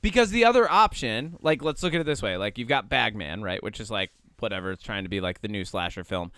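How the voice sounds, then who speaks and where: A man co-hosting a casual podcast, playful and quick with interjections and laughter. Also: on the low side, lively intonation, fairly bright tone, clear, resonant tone, dry recording. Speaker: podcast co-host. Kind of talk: casual chat.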